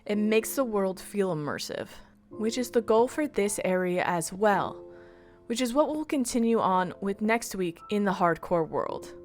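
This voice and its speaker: A woman's voice: medium pitch, expressive, unhurried, soft background music. A woman streamer reading an upbeat scripted voice-over recap of her game week.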